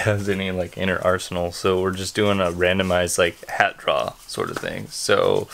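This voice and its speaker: At home and on a date with his wife, a young vlogger speaks casually to the camera in a lowish, gravelly, slightly bright voice. He rambles a little and chuckles between phrases.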